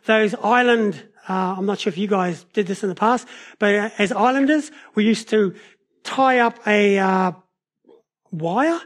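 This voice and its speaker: A man preaches a sermon in a notably high voice. He tells stories in an animated way, shifting his pace and loudness as he goes. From New Zealand. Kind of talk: sermon with personal storytelling.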